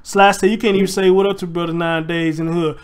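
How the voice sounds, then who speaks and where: A man's voice: high voice, flat delivery, quick pace, clean tone. A man hosting a casual livestream, telling a story with energy and reading viewer comments aloud. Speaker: host.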